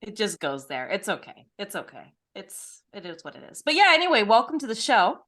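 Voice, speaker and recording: American woman host, mid-pitched, chatty and self-mocking, laughs easily. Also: big pitch swings, fairly quick, fairly bright tone. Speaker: podcast co-host. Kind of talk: casual chat.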